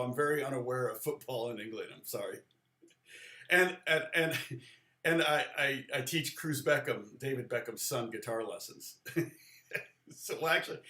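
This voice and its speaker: A man's voice: mid-range voice, a bit bright, reverberant. A middle-aged man giving a casual live guitar lesson, rambling and chatty, with many restarts and side stories. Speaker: guitar teacher.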